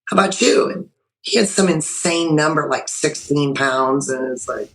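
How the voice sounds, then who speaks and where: A woman guest on a podcast, chatting over a video call and telling her story in a lively way with frequent restarts. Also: deep voice, unhurried, poor audio. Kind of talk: personal story told in conversation.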